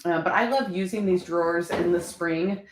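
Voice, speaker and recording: A woman's voice: fairly low pitch, moderate pace, reverberant. A woman chatting casually and upbeat to viewers about her thrift finds. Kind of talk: casual haul vlog.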